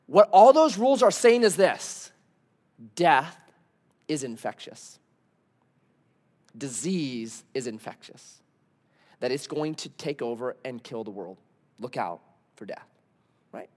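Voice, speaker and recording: A man's voice: a little high, darkish tone. A man preaching a sermon as pastor, conversational, telling stories and asking the congregation rhetorical questions.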